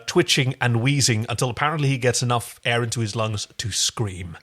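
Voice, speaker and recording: A man's voice: medium pitch, fairly quick, heavy background noise. A man co-hosting a podcast in a casual chat, talking eagerly and cracking jokes. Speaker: podcast co-host.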